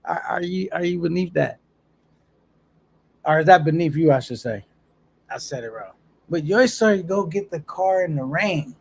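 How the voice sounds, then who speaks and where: A man's voice: on the high side, expressive, normal speed, creaky, long pauses, husky. A man casually chatting on a live stream, reading viewer comments aloud in a laid-back, slangy way and laughing often.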